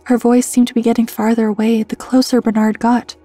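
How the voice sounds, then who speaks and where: Hushed, breathy woman narrating horror. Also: a little high, little pitch movement, brisk, dry recording. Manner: hushed, slipping into whispers. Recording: dry close mic with soft music underneath.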